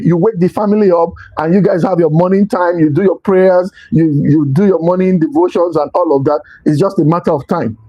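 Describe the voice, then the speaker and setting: A man with a high voice and dark tone, recorded with dull audio, gives a motivational talk as host. He speaks emphatically, stressing his points by repeating key phrases.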